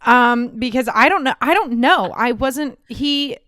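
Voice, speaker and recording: A woman's voice: sits high, unhurried, fairly bright tone, dry recording, studio quality. A young woman from Texas co-hosting a podcast, telling stories expressively with swearing and laughter. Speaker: podcast co-host. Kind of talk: casual storytelling chat.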